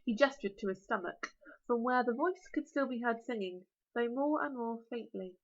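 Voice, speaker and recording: A woman teacher with a British accent reading a children's novel aloud, with expressive, animated storytelling. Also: a little high, normal speed. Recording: lo-fi recording.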